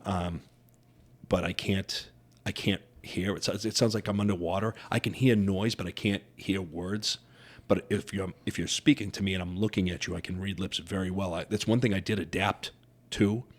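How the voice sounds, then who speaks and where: Middle-aged deaf man guest, very low voice, earnest storyteller who acts out the dialogue he quotes. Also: fairly even intonation, moderate pace. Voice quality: deaf speaker who wears hearing aids. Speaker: podcast guest. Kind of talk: casual interview chat.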